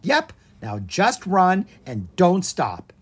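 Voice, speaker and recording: Bossy little girl dragon from a kids' storybook, super confident, reader doing her, lively and unhurried. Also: mid-range voice, slightly rough, pitched above the performer's own voice, exaggerated voice. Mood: cocky. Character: bold, scheming young girl dragon. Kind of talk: children's storybook reading.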